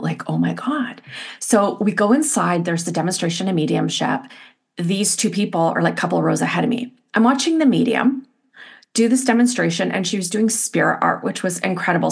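A middle-aged woman, an interview guest, telling a personal story in an animated, expressive way with lots of "like" fillers. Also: fairly low pitch, gravelly.

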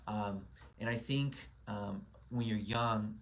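A man's voice: on the low side, fairly even intonation, slow pace, heavy background noise. A man in his forties, a real estate broker, giving a casual motivational talk with lots of ums and restarts. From Southern California. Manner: rambling, many ums and restarts.

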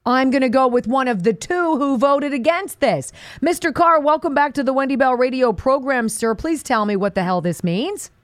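A woman hosting a talk radio show, asking her guest blunt, opinionated questions in an animated way. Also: high voice, normal speed, few pauses, dry recording, studio quality.

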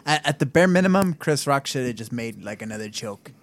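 A man's voice: medium pitch, animated, brisk. A chatty, agreeable man. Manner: chatty, agreeable, filler-heavy. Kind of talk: casual podcast chat.

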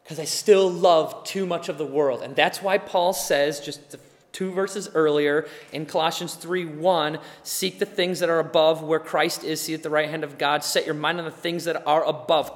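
A male pastor delivering a sermon with earnest intensity, moving between quiet, drawn-out reflection and loud exhortation. His voice sits a little high for a man. The recording rings with the long reverb of a big room. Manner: earnest preaching that swings from hushed to shouted.

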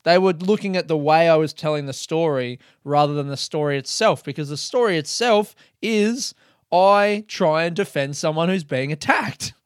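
A man's voice: on the high side, moderate pace, clear, resonant tone, dry recording. A man hosting his own podcast in a casual solo monologue, talking in a candid, reflective and slightly self-mocking way into a close microphone. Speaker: comedian and podcast host.

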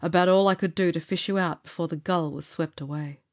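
A woman voicing a steady young male pilot and inventor, talking in a lowered, matter-of-fact way. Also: fairly quick, close to an everyday voice. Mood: grim.

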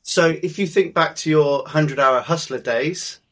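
A man's voice: fairly high pitch, normal speed, noisy background. A man hosting a podcast interview, introducing his guest in a playful, upbeat way. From England. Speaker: podcast host.

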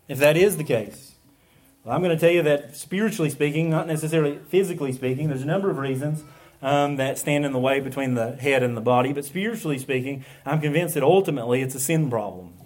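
A man's voice: mid-range voice, darkish tone. A man preaching a sermon as a pastor, earnest and emphatic, with frequent fillers and restarts.

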